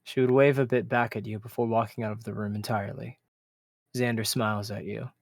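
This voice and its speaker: Man, game-master narrator, steady third-person delivery, dry sound. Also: fairly low pitch, fairly quick, no echo. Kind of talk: narrating a tabletop-style role-play.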